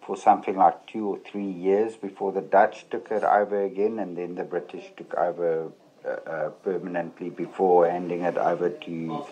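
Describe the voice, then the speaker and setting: A man's voice: deep voice, rough recording. A man chatting casually and hesitantly, with many uhs. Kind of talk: casual chat about history.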